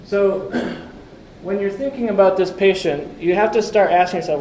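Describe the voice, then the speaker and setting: In an echoey room with faint ambience and a little hiss or hum, a man presents a slide-based conference talk at normal speed. His high, slightly mellow voice carries a conversational tone as he asks the audience questions and slips in wry comments.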